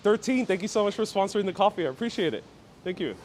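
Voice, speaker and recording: Quick and expressive, this man's high-pitched voice has a darkish tone, with slight noise in the background. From New York City, he's hosting a live walking tour outside, chatting with his audience and reading and replying to their comments.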